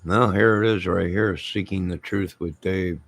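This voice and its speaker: A man's voice: low voice, fairly even intonation, measured pace. A man hosting a YouTube channel, rambling in casual live-stream chat with his viewers and repeating friendly sign-offs.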